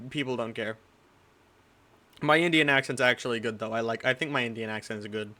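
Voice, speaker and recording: A man's voice: medium pitch, steady tone, a little fast, bright, forceful tone. A young man hosting a podcast, chatting casually with crude, rambling, self-correcting talk. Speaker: podcast host.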